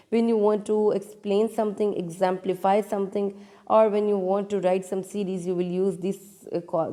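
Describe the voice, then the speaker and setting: A woman teacher giving a grammar lecture, halting and restarting often, putting questions to her students. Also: mid-range voice, creaky, mellow, big-room sound. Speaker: English teacher.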